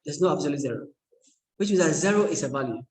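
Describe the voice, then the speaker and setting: A man's voice: on the high side, expressive, fast, a little mellow, slight background noise. A man giving a university lecture in a classroom, conversational and joking, checking in with his students again and again. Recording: echoey lecture room.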